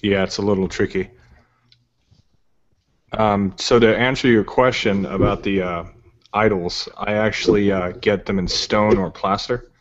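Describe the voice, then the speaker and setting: A man as a guest on a video call, relaxed and explanatory with a sarcastic streak. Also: lowish voice, unhurried. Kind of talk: casual chat on a video call. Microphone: dynamic recording microphone. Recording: dull lo-fi video call audio.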